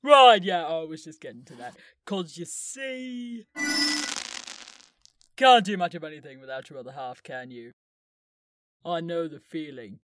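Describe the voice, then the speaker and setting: A man's voice: on the high side, unhurried, pauses often, fairly bright tone, smooth, no echo. An actor playing a smug, mocking male villain who draws out his gloating taunts in an audio drama.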